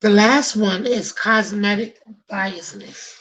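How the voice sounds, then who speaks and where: A woman's voice: mid-range voice, takes it slowly, a bit bright, rough recording. A woman from the Bronx with a New York accent, hosting a talk show in an emphatic, sermon-like way, slangy and direct with her listeners. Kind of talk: preachy talk-show monologue.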